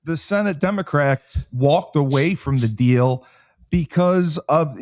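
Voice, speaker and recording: A man hosting a talk show, steering the chat and recapping the news in a steady reading tone. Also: medium pitch, no echo, clean studio sound. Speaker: show host.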